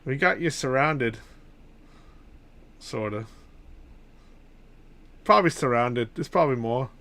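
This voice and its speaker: A man's voice: mid-range voice, lively intonation, slow pace, a bit bright. A man voicing a female warrior in a weak put-on Scottish accent, rambling and unsure. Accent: put-on Scottish accent, done poorly. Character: female warrior making a clumsy challenge.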